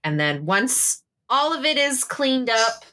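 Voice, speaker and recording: A woman's voice: high voice, big pitch swings, takes it slowly, pushed and bright. A woman narrating her character's actions in a tabletop game, rambling and swearing casually. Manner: rambling, profane, laughing often. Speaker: player.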